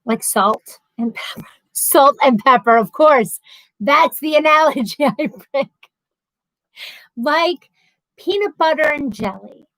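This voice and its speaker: Chatty, high-voiced woman hosting a livestream. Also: lively intonation, takes it slowly, pauses often, a bit bright, dry recording, poor audio. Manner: chatty, reads out viewer comments, laughs easily. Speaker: livestream host. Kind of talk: casual livestream chat.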